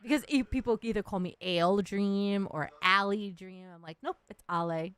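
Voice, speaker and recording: A woman hosts a relaxed interview over a video call, friendly, giggly and loose in phrasing. Her voice is smooth and mid-pitched, recorded close and dry. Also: moderate pace, dry recording. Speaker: podcast host. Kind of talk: casual interview.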